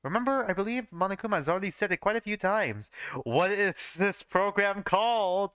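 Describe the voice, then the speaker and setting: A young man streams a reading of his old fanfiction, stopping often to mock it with casual swearing. His voice is bright and clear, with a lively, fairly high pitch. The sound is dry and close. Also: a little fast, dry recording. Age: young adult. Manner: swears casually and laughs at his own writing. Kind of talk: live reading with joking asides.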